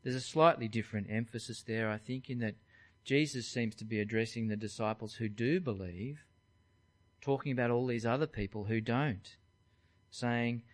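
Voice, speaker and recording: A man's voice: mid-range voice, moderate pace. A man, preaching by talking through a Bible passage verse by verse in a conversational way. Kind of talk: expository Bible teaching.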